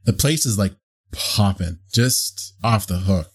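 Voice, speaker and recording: A man's voice: on the low side, expressive, slow, slightly rough. A man running a tabletop game as game master, narrating casually with lots of fillers. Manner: casual, rambling, many fillers.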